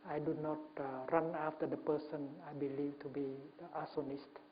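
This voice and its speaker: A man, a Buddhist monk, giving a Dharma talk at a retreat, speaking gently in short phrases with many pauses and fillers. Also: on the high side, flat delivery. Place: retreat talk before an audience. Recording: muffled lo-fi recording with faint hum.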